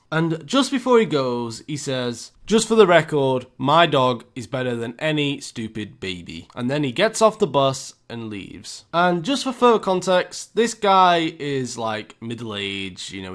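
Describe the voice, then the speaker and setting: A young British man telling a story in a casual, chatty way, speaking to his viewers with asides. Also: medium pitch. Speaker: storytime YouTuber.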